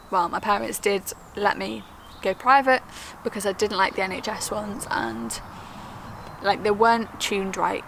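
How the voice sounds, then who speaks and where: A young woman from the UK talking to camera in a quick, chatty, earnest way, with frequent ums. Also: mid-range voice, vocal fry. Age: young adult. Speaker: vlogger. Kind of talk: casual talk to camera. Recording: noisy background with traffic.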